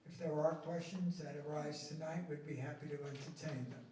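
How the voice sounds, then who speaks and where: Deliberate man in an echoey meeting room. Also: on the high side, steady tone, dark tone, far from the mic, slight background noise. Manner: deliberate, emphatic, stresses key words. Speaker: school board official presenting policy. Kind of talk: formal meeting presentation.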